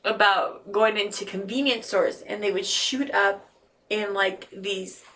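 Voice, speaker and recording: A woman guest telling a painful personal story in a podcast interview, halting and earnest, often restarting her sentences. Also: mid-range voice, fairly even intonation, fairly bright tone, far from the mic, a little hiss or hum. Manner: earnest and emotional.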